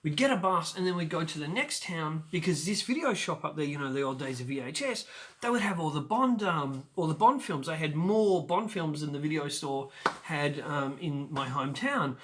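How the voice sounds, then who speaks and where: Bright-voiced animated male storyteller. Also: fairly high pitch, normal speed. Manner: animated, acts out scenes with sudden loud outbursts; chatty with frequent fillers and restarts. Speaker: show host. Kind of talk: personal storytelling to camera.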